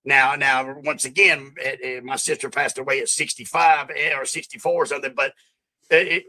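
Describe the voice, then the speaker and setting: A man's voice: mid-range voice, fairly even intonation, normal speed, bright, forceful tone, low-quality recording. A man in his fifties, born in Australia and raised in the American South, talking casually as an interview guest and rambling with lots of repeats. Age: 50s. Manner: rambling, repeats himself, says bro and man.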